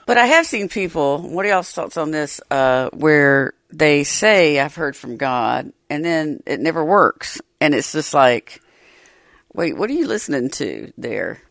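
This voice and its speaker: A man's voice: a little high, very animated, a little slow, vocal fry, a bit bright, dry recording, clean studio sound. A man co-hosting a casual chat as media producer, laid-back and reading out listener questions.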